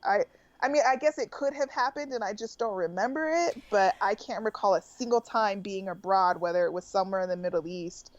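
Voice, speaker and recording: A woman's voice: medium pitch, fairly quick. A woman with an American accent hosting a podcast, chatting casually and laughing often. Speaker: podcast host. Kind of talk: casual chat. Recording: dull, dry lo-fi sound.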